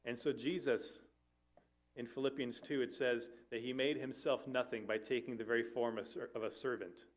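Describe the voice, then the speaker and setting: A man's voice: mid-range voice, fairly even intonation, normal speed. A man, a family life minister, preaching an earnest sermon to a church, with conversational asides and occasional self-corrections.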